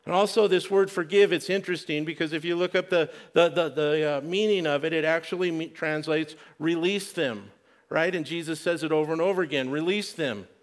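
A man preaching a sermon, earnest, restarting and repeating words, dropping to a hush for quoted prayer. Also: fairly high pitch, a little fast. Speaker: pastor.

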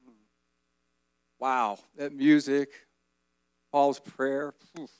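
A man in his fifties giving a relaxed, rambling personal testimony as guest speaker at a church service. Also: mid-range voice, slow pace, clean tone, dry recording. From Colorado, USA. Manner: relaxed, folksy, rambling with fillers.

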